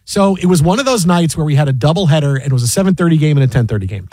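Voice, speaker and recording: A man's voice: a little high, lively intonation, racing, darkish tone, slightly rough, no echo, poor audio. A middle-aged man hosting a sports talk radio show, telling a story in a rambling way full of "like" and "you know". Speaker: radio host. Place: radio studio.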